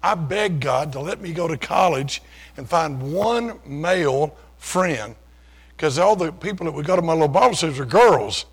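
A man's voice: a little high, expressive, moderate pace. An older man preaching, telling his own story in a folksy, self-deprecating, conversational way. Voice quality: gravelly, husky. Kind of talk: sermon testimony storytelling.

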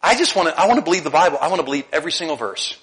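A middle-aged man preaches to his congregation in a loose, conversational way. His voice is bright and sits a little high, and he often stumbles over repeated words before breaking into lively, animated stretches. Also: rapid-fire, poor audio. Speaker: pastor. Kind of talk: sermon.

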